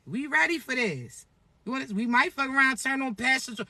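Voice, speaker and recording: Animated high-voiced woman, profane and playful. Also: a little fast, dry recording. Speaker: spiritual content creator. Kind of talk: casual energy reading vlog.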